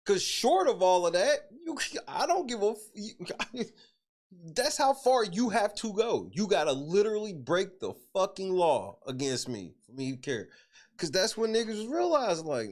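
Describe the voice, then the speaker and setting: A man holds forth on a casual podcast in a loose, profane rant. His pitch swings widely as he talks, rising and dropping with his points, and he breaks into laughter between them. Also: very animated, measured pace. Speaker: podcast host.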